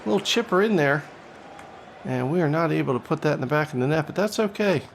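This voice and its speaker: A man hosting a gaming channel, giving jokey mock-announcer play-by-play of a football video game and shouting at the big plays. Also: on the high side, quick pace, creaky, a little hiss or hum. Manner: excitable, jumps into loud shouts at big plays. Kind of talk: playful game commentary.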